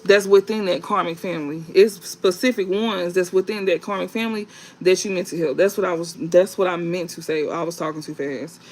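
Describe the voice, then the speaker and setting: Man, tarot reader, casual, rambling, halting, gravelly, high voice. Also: fairly even intonation, a little mellow, low-quality recording. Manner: rambling, halting, with many fillers and restarts; reads card meanings aloud from a guidebook. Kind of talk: casual tarot reading to viewers.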